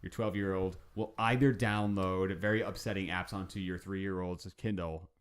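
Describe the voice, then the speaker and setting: A man's voice: low voice, fairly even intonation, moderate pace. A man co-hosting a podcast, joking dryly in casual chat and reading out news stories. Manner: dry, joking, reads news stories aloud. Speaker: podcast co-host.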